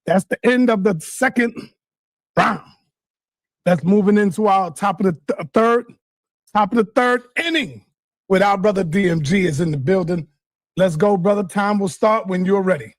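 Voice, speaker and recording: Brief: brisk moderator, man, high voice, dry mic. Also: no echo. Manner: brisk, calls the rounds and time. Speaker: debate moderator. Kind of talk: moderating a live stream debate.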